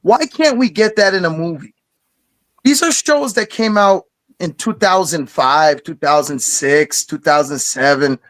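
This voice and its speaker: Hyped-up guy ranting about cartoons, kinda high voice, cusses a lot. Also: unhurried, low-quality recording. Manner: excited, swearing, storytelling. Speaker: podcast host. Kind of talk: casual chat.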